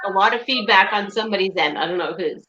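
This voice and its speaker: A woman's voice: mid-range voice, fast talker, highs cut off, noisy background. A woman telling family stories in casual chat over a remote connection. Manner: chatty storytelling.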